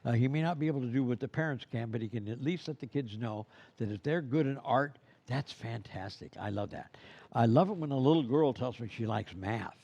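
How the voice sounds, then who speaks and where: A man's voice: medium pitch, a little fast, creaky, mellow. An older man teaching a class of Santa performers in a loose, rambling way, acting out children's voices in his stories. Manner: rambling, acts out kids' voices in anecdotes. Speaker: Santa school instructor.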